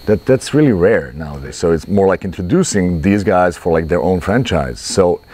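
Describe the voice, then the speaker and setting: Man, low mellow voice, earnest, interview. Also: lively intonation, moderate pace. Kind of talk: casual interview talk.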